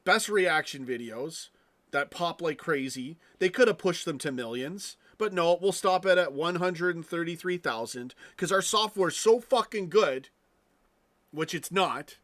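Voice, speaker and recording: A man on a live stream rants in a slightly higher-than-usual voice, swearing freely and tripping over his own words. He keeps turning to chat with his viewers as he goes. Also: lively intonation, a little slow, fairly bright tone. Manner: ranting, profane, frequent restarts; chatty asides to viewers. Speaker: fan channel live streamer. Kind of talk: casual live stream rant.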